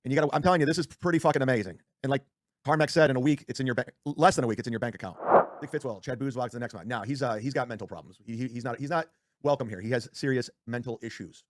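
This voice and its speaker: A man's voice: medium pitch, very fast, dry recording. A man ranting casually on a livestream, rambling, swearing often and restarting his sentences. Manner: rambling, profane, self-interrupting.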